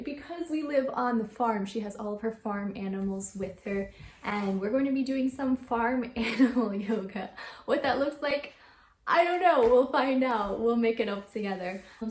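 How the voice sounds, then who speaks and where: A young woman teaching a yoga class with a toddler, playful and sing-song, breaking into animal sounds. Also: on the high side. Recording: very echoey room, mic at a distance, faint noise.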